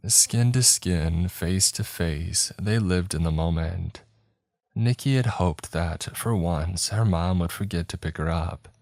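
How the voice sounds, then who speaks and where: A man narrating a scripted story in a calm, steady reading. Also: low voice, slow, creaky, no echo, clean studio sound.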